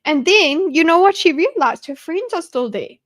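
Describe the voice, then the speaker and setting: High-voiced young woman rambling on a stream. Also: expressive, moderate pace, fairly bright tone. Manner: rambling and enthusiastic, many restarts. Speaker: streamer hosting a live discussion. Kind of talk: casual live-stream commentary.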